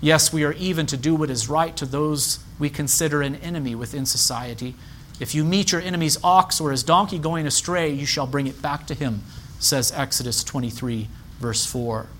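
A man preaching a sermon as pastor, measured and emphatic, repeating key phrases. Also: on the high side, a bit bright, slight background noise.

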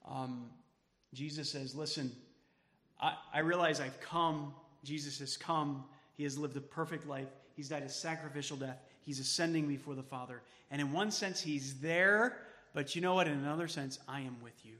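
A man preaching a sermon as pastor, emphatic, then dropping to soft tones for quoted words of comfort. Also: fairly high pitch, moderate pace, big-room sound. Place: church sanctuary.

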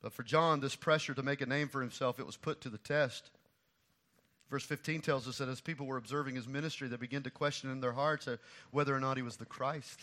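A middle-aged man preaching a sermon as pastor, swinging from quiet asides to loud, repeated emphatic lines. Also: mid-range voice, fairly even intonation, fast.

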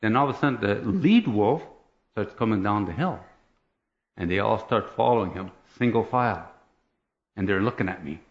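Lo-fi low-voiced man telling a testimony. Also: moderate pace, pauses often. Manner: animated storyteller, chuckles, checks in with "right?" and "okay?". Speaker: person giving a testimony. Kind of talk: storytelling testimony.

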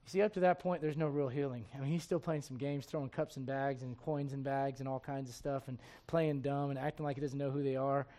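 A middle-aged man preaching a sermon to his congregation in a folksy, animated way, slipping into acted asides. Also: medium pitch, brisk, few pauses. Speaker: pastor.

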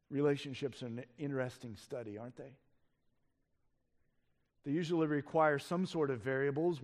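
A man with a fairly high voice delivers a sermon from the pulpit of a church. He swings from loud, emphatic proclamation down to quiet, low-pitched passages. He speaks as a pastor addressing his congregation.

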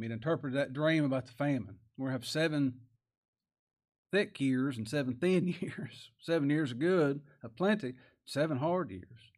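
Pastor, male, folksy sermon delivery, mid-range voice, emphatic rising bursts. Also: medium pitch.

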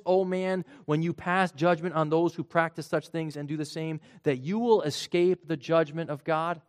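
A man preaching a sermon in an earnest way, his voice rising for emphasis and then dropping low and quiet. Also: normal speed, few pauses. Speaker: pastor.

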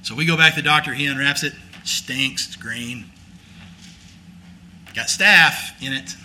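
Folksy preacher man with a bright, forceful voice. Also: mid-range voice, a little slow, slight background noise. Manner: folksy, conversational storytelling; rising to emphatic preaching. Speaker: pastor. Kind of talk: sermon.

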